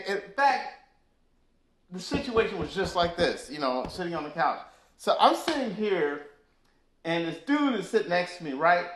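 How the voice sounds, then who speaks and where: A man in an interview telling stories from touring, animated and full of fillers. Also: high-pitched. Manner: animated storyteller, many fillers. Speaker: guest musician. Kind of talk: casual storytelling interview. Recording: echoey room.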